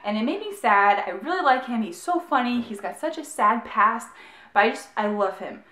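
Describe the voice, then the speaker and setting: Young woman gushing over a book, says "like" nonstop, kinda high voice, roomy echo. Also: moderate pace. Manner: gushing, excited, heavy use of "like". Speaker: book reviewer. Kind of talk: casual book review.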